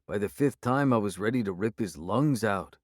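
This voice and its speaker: A man's voice: fairly low pitch, animated, moderate pace, no room sound, clean studio sound, lightly acted. A man voicing a gaunt, furious male werewolf alpha with a growly, snarling delivery in an audiobook. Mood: resentful. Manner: snarling, hostile, defiant. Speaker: character voice in an audiobook.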